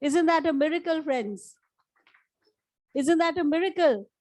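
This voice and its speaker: High-voiced Indian woman telling her story. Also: lively intonation, a little slow, darkish tone, low-quality recording. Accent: Indian English. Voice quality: slightly husky after vocal cord damage. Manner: earnest storytelling, rising emphasis on key points. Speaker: life coach. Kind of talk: motivational talk to an audience. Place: conference hall before a live audience.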